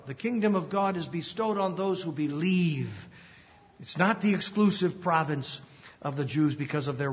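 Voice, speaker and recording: Guy preaching thru a bible passage, kinda high voice, muffled old recording. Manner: measured, explanatory, with occasional "uh" fillers. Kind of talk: expository Bible teaching. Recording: long reverb, dull lo-fi sound.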